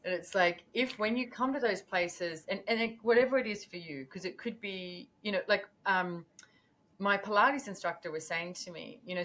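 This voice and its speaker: A woman talking as a podcast guest in a casual, animated way, acting out her own thoughts as she goes. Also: medium pitch, normal speed, a little hiss or hum. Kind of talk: casual conversational interview.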